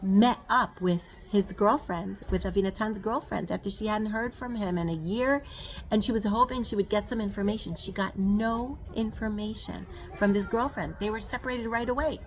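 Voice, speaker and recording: A woman giving a spoken Torah lesson, earnest and emphatic, mixing in Hebrew terms and slowing down to stress key words. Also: medium pitch, a little hiss or hum. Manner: rises and slows on emphasis, frequent fillers. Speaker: Torah teacher.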